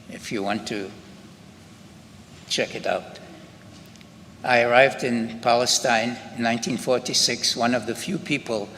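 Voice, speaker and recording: Slow-speaking older Scottish man. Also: medium pitch, a bit bright. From Scotland. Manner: unhurried, halting, with frequent restarts. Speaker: Holocaust survivor speaker. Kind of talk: personal testimony at a memorial ceremony. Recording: long hall reverb with faint ambient noise.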